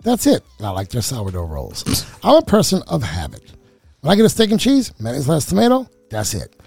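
A man's voice: on the high side, wildly swooping pitch, a little fast, creaky, darkish tone, slightly rough, no room sound, soft background music. A man co-hosting a casual radio chat show, chatty and emphatic, who repeats himself for effect. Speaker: co-host.

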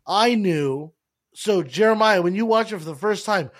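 A man's voice: high voice, moderate pace. A man hosting a casual film review chat, asking questions and often restarting his sentences. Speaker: podcast host.

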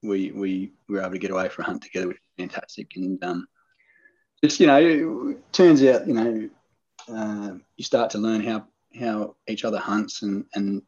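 An Australian man, a hunter appearing as a podcast guest, tells a story casually at a moderate pace, rambling and laid-back with lots of fillers and restarts. His voice is low and slightly husky, and the recording sounds dull and lo-fi.

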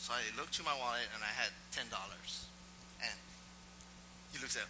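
A male pastor preaching a sermon, telling a personal story in an animated, self-mocking way. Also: medium pitch, brisk, big-room sound, background noise.

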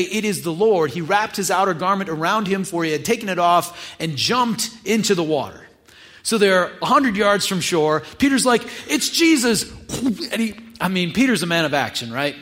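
A man's voice: sits high, fairly bright tone. Casual man preaching a sermon. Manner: casual, conversational retelling with acted asides. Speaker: pastor.

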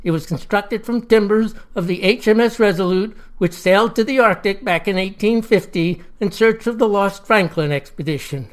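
A narrator doing a boastful old leader. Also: male voice, sits high, normal speed, few pauses, natural voice. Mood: smug. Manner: boastful, folksy. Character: smug self-important older male leader.

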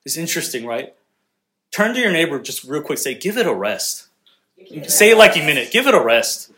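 A man's voice: on the high side, brisk. Joking, conversational young male preacher. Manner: conversational, joking, animated with the congregation. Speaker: pastor. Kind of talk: sermon.

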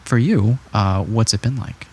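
A man hosts a casual podcast and asks his questions in a hesitant, meandering way. His voice is low, and a faint noise hums behind him. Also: a little slow, a little mellow. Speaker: podcast host.

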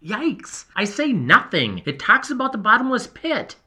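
A man voicing an earnest boy explorer who tells his journal everything, in a lively, emotional, confiding first-person delivery. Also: high-pitched, a little slow, exaggerated voice. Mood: excited. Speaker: narrator. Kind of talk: first-person audio storytelling.

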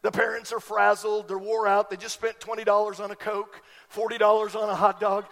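A man preaching a sermon as a pastor, animated and emphatic, building to loud peaks. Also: sits high, brisk, gravelly. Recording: long reverb of a large hall.

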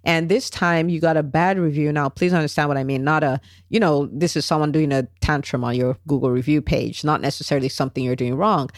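A woman hosting a solo podcast, coaching in an animated, chatty way and checking in with "right?" and "okay?". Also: low voice, a little fast, hardly any pauses, no room sound, studio quality. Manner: animated, acts out quoted voices, tag questions. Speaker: podcast host, business coach.

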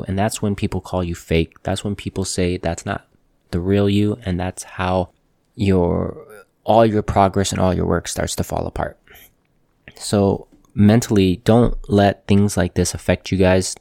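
A man who works as a tattoo artist, hosting a motivational talk to camera in a calm, earnest, plainspoken way, repeating phrases for emphasis. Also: low-pitched, gravelly, no room sound, clean studio sound. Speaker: tattoo artist, show host.

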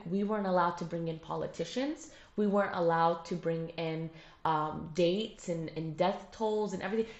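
A young woman from Jerusalem, a podcast guest, telling her story in an earnest, animated way with many fillers. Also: fairly low pitch. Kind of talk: casual conversational interview. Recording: roomy, muffled lo-fi sound.

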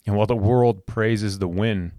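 A man in his thirties tells a personal story on his own podcast, his low voice earnest and heartfelt. He stumbles and repeats words as he goes, and the recording is dry, close and free of any room echo. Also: steady tone, moderate pace, warm tone. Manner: heartfelt, repetitive restarts. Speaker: podcast host.

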